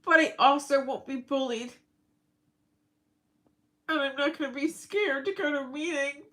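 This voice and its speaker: A woman's voice: high voice, unhurried, fairly bright tone, poor audio. A middle-aged woman rambling through a casual personal vlog, emotional and breaking into laughs. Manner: rambling, emotional, laughs often mid-sentence. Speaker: vlogger.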